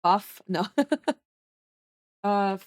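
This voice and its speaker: A woman chatting casually on a livestream while she works. She talks to her viewers in a playful, joking way and plays up mock drama. Her voice sits at an average pitch, and the recording is dry and close. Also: little pitch movement, drawn-out words, no echo. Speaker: streamer and artist.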